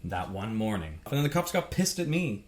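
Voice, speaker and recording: A man's voice: fairly low pitch, very animated, fairly quick. Swearing man ranting on a podcast. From Canada. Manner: profane, heated ranting with frequent swearing. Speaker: podcast co-host. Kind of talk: casual podcast rant.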